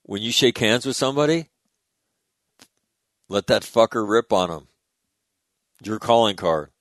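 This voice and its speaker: A middle-aged man hosting a show, telling a story in a blunt, casual way with some swearing and lively retelling of conversations. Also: on the low side, measured pace, no echo, clean studio sound. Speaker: show host.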